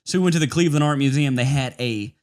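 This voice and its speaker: A man's voice: medium pitch, quick pace, darkish tone. A man co-hosting a podcast, telling a joking story in crude casual chat and laughing often. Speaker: podcast co-host.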